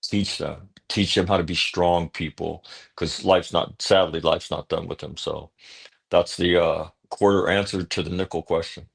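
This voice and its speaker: A man's voice: deep voice, steady tone, normal speed, creaky, slightly rough. A man, an author guest on a talk show, earnestly telling a personal story and often checking in with "right?". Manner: earnest, punctuates thoughts with "right?"; blunt at times.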